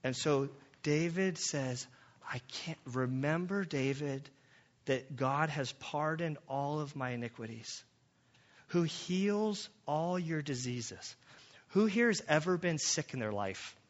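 A man's voice: fairly high pitch, lively intonation, takes it slowly. Pastor man preaching in a chatty tone. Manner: conversational, storytelling with quoted dialogue. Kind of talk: sermon. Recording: slightly dull lo-fi sound.

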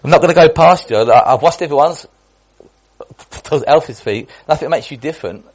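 A man's voice: a little high, animated, moderate pace, darkish tone, highs cut off, pitched above the performer's own voice. A man doing an exasperated, blunt teacher. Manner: casual, exasperated retelling with slang.

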